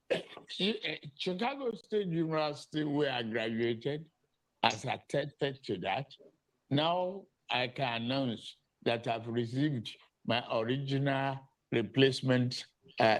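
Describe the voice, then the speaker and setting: Man, 70s, very slow, halting, public statement. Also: medium pitch, rough recording. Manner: slow, halting, repeats words. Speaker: politician in an archive clip. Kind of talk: press statement.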